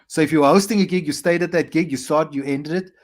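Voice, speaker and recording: A South African man in his forties, a comedian guest, telling animated stories with quick asides. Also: fairly high pitch. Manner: animated anecdotes with quick asides and playful acted quotes. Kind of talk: storytelling interview.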